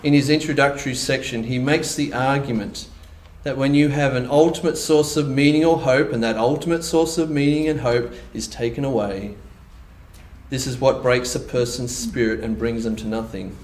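A man preaching a conversational sermon, with animated asides in which he voices imagined reactions. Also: mid-range voice, normal speed, echoey room, poor audio. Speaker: pastor. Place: church hall.

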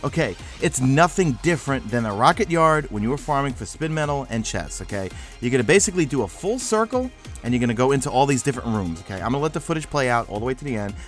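Rambling New York gamer, fast talk. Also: male voice, mid-range voice, soft background music. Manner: rambling, energetic, self-mocking. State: sleepy. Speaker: gaming YouTuber. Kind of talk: game walkthrough commentary.

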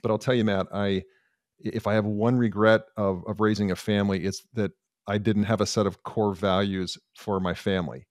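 A man's voice: lowish voice, fairly even intonation, moderate pace, no room sound, studio quality. A middle-aged man hosting an interview podcast, speaking reflectively with some hesitations. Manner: thoughtful, hesitant, soft affirmations. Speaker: podcast host.

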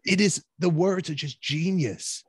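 A man's voice: fairly high pitch, a little slow, husky. A man hosting a podcast interview, chatting eagerly and often echoing his guest's words. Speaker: podcast host. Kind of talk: casual interview chat.

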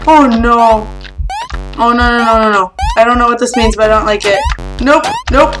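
A woman's voice: a little high, moderate pace, low-quality recording. A young woman commenting on a platform game as she plays, yelping, laughing and swearing at it. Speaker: gaming video host. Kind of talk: let's play commentary. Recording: game music in background.

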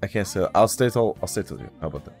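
Goofy young man, low voice, lively swings. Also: racing, soft background music. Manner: goofy, swearing, bursts of laughter, mock-solemn rants. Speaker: co-host of gaming playthrough. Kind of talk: casual chat while playing.

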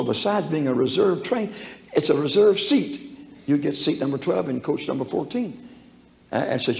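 A man's voice: a little high, vocal fry, darkish tone. An older man preaching a sermon, telling a personal story in a folksy, chuckling way and acting out the voices in it. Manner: folksy, chuckling, acts out voices in his stories. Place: church hall. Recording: echoey hall with faint background noise.

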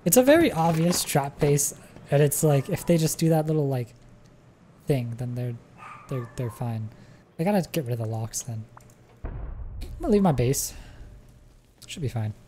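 A woman giving live gameplay commentary as a streamer, excitable, swearing and laughing often. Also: deep voice, normal speed, pauses often, slight background noise. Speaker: gaming streamer.

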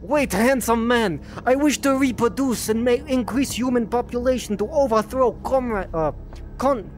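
A man's voice: very high voice, moderate pace, slight background noise, voice pushed up. A man voicing a boisterous vodka-obsessed Russian soldier with a put-on Russian accent and broken English. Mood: boastful. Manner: broken English, loud and theatrical.

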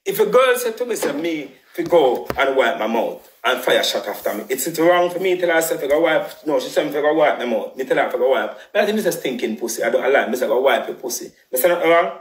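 A man's voice: on the high side, quick pace, few pauses, roomy sound. A man with a Jamaican patois accent, ranting heatedly on a live stream, repeating himself with emphatic swearing. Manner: animated, repetitive, emphatic patois rant with swearing.

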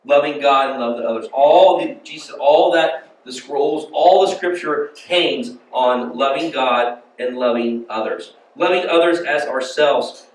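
A man's voice: mid-range voice, a little slow, hardly any pauses, recorded from a distance. An American man preaching a casual, storytelling sermon and asking the congregation questions. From United States. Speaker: pastor. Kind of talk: conversational sermon. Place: church sanctuary. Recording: echoey hall, voice from off-mic.

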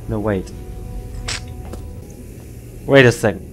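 A tired man talks through a puzzle game late at night, in a slow, unhurried drawl with a gravelly, fry-edged voice. He mutters and rambles to himself, and faint game music plays behind him. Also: mid-range voice, animated, darkish tone. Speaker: gamer playing a puzzle game. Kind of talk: late-night gameplay commentary.

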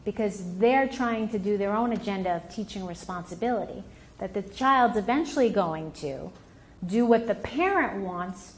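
A woman family therapist giving a workshop talk to parents, animated and acting out parent and child voices as she explains. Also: medium pitch, slight background noise.

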